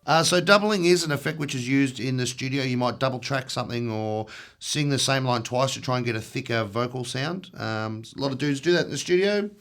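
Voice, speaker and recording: A man's voice: medium pitch, brisk, a bit bright. A man giving a casual demo of music gear, dropping dry jokes as he talks. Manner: dry, joking asides. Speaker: gear demonstrator.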